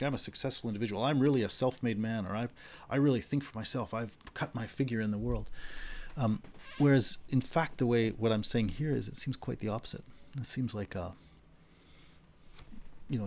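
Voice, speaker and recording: A man's voice: lowish voice, darkish tone. A middle-aged man lecturing on philosophy in a loose, conversational way, often repeating words as he searches for the phrasing. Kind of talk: university lecture.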